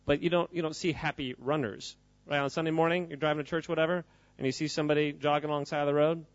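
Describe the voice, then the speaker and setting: A man's voice: on the high side, fairly even intonation, quick pace, no echo, lo-fi sound. A man giving an informal, joking talk to a live audience, quizzing the crowd as he goes. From United States. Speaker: speaker at a church gathering.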